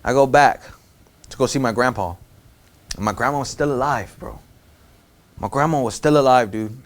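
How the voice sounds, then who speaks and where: A man's voice: medium pitch, moderate pace. A man telling a personal story in a casual, slangy way, often repeating phrases and asking "you know what I'm saying?".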